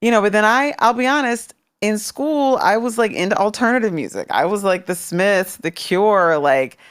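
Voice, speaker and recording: A woman's voice: mid-range voice, normal speed, clean tone, dry recording, clean studio sound. A woman in her fifties from Washington, D.C., talking candidly and thoughtfully as an interview guest. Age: 50s. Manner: reflective, candid. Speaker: interview guest, former music executive. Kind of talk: casual interview.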